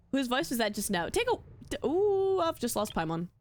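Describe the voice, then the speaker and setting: A woman streamer giving casual commentary while playing a game, excitable and quick to laugh and exclaim. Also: sits high.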